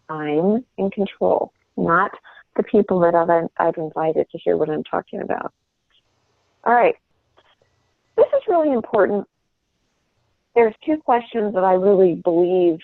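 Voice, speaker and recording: A woman's voice: on the low side, vocal fry, no room sound. A middle-aged woman giving a sales coaching talk from home, earnest and rambling, often restarting her sentences. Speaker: sales trainer. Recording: tinny phone line.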